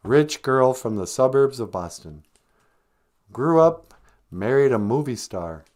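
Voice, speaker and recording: Comic podcast host, male, meandering and dry, very animated pitch. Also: slow pace. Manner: deadpan, sarcastic, meandering. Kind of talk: rambling comic podcast talk.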